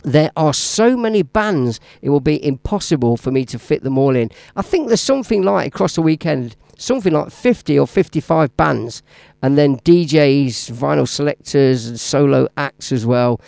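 Chatty gravelly Midlands DJ. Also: male voice, a little high, lively intonation, normal speed, a little mellow, no echo, studio quality. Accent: Midlands English. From English Midlands. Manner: rambling, chatty, waffling. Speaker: radio DJ host. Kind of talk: casual radio DJ chat.

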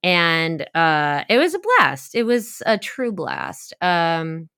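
A woman's voice: sits low, huge pitch swings, takes it slowly, sharp tone, clean tone, no room sound, studio quality. A young woman co-hosting a podcast, chatting loosely and telling stories with lots of fillers. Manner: chatty storyteller with many fillers and laughs. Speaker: podcast co-host. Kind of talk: casual chat.

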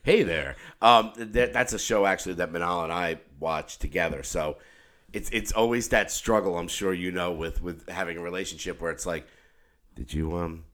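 A man's voice: low voice, normal speed. A man hosting a podcast in casual chat, telling stories with lots of restarts. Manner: animated storytelling with many restarts and laughs. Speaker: podcast host.

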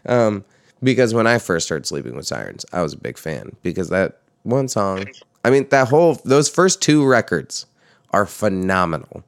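A young man with a low, gravelly yet smooth voice, talking loosely and animatedly about music and swearing casually. The sound is dry and close with no room echo. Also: moderate pace. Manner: animated, swears casually, pitch jumps when quoting himself. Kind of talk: casual chat.

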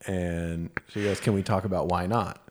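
A man's voice: deep voice, steady tone, normal speed, a little mellow. A man co-hosting a podcast, frankly recounting a conversation in casual chat and swearing now and then. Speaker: podcast co-host.

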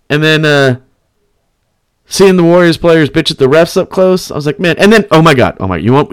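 A man's voice: fairly high pitch, expressive, normal speed, long pauses, clean tone, no room sound, clean studio sound. Profane slangy young man telling a story. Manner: profane, slangy, laughs often. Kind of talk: casual storytelling.

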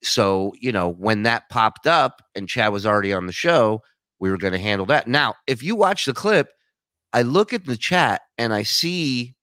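A man, a show host appearing as a guest, telling stories in an animated way and laughing as he talks on a live stream. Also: mid-range voice, normal speed, no echo, clean studio sound. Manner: storytelling, animated, laughs while talking. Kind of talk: casual live-stream chat.

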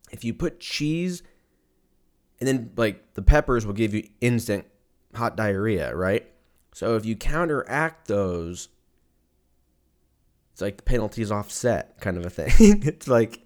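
A man with a somewhat low voice talks through a loose comedic podcast monologue. He is crude and profane, wanders off topic, and mocks himself as he goes. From Armenian and German heritage. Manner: rambling, profane, self-mocking.

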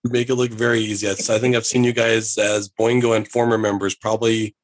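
A man's voice: fairly low pitch, level tone, fairly quick. A man interviewing a musician, friendly and admiring, speaking as a longtime fan. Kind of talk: casual interview questions.

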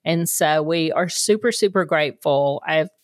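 A woman's voice: low voice, moderate pace, no echo, clean studio sound. A woman co-hosting a podcast, asking direct questions in a conversational way. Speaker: podcast co-host. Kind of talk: interview questions.

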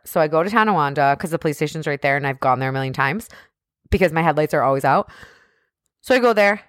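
A young woman from Western New York, a podcast co-host, telling a story in casual chat, animated and swearing freely as she acts out what people said. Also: sits low, quick pace, no echo, studio quality.

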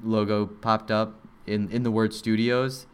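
A young man chatting casually, telling an animated, rambling story with many fillers and mimicking people in high voices. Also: a little slow, smooth. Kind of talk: casual chat.

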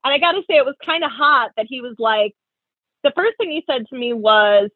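A woman tells dating stories in casual chat, chatty and animated. Her voice is a bit high and husky. The sound is dry and tinny, like a phone line. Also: a little fast, dry recording. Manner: chatty, animated storytelling with lots of "like". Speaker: podcast co-host.

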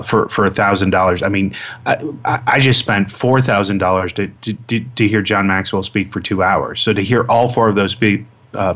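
A man's voice: fairly low pitch, fairly bright tone. A man hosting a radio interview show, talking casually and rambling with lots of fillers and repeated words. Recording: dull lo-fi radio audio.

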